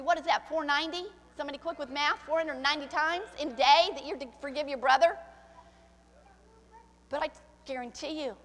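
High-voiced woman pastor preaching in a hall. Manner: preaching with swings from soft to shouted, acting out quoted voices. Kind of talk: sermon. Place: church sanctuary. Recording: church hall with long reverb.

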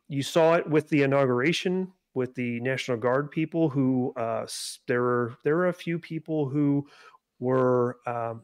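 Host, casual explainer, mid-pitched, dry close sound, talks to his chat. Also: dry recording. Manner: explains news, asks the chat questions. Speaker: podcast host.

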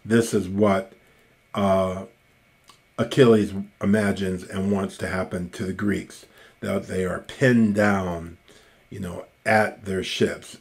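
A man with a fairly low voice delivers a recorded grammar lecture. He talks at an unhurried, measured pace, pausing often and filling the gaps with small hesitations as he works through each point. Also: steady tone, vocal fry. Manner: slow, deliberate explaining with many pauses and fillers. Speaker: classics lecturer.

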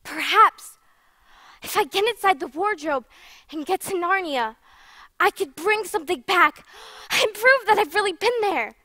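Lady doing a little girl voice, very high and bright, slow and thoughtful. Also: animated, no echo, full character voice. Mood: troubled. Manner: musing, pleading. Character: earnest young girl, troubled.

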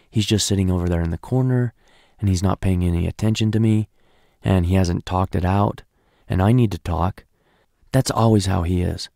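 A man's voice: fairly low pitch, vocal fry, mellow, no room sound, studio quality. A man voicing an anxious wife who keeps fretting and questioning herself. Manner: rapid, fretful self-questioning.

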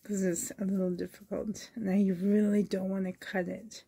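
A woman's voice: medium pitch, little pitch movement, normal speed, creaky, mellow, slightly rough. A woman vlogger from Canada unboxing gifts in casual chat to the camera, gushing and exclaiming over each item, sore and a little strained in the voice. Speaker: reborn doll vlogger.

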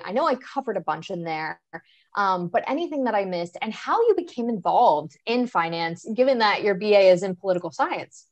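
A woman's voice: mid-range voice, dry recording. A woman moderating an online panel interview, talking enthusiastically and chattily with frequent ums.

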